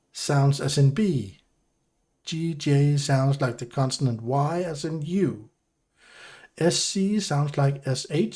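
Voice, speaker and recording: Brief: Danish-accented young let's play host, slow and careful reader, slightly high voice, faint music behind. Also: male voice, darkish tone. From Denmark. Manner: careful reading with self-corrections. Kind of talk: reading game text aloud while playing.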